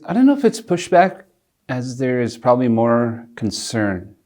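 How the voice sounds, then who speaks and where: A middle-aged man telling a personal story in an interview, earnest and reflective, pausing and restarting as he speaks. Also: medium pitch, big pitch swings, dark tone. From Alberta, Canada. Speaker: interviewee, community leader.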